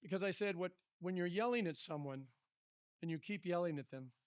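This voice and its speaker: A man's voice: sits high, fairly quick, no echo, clean studio sound. A middle-aged man, a pastor, leading a Bible study in a conversational, storytelling way.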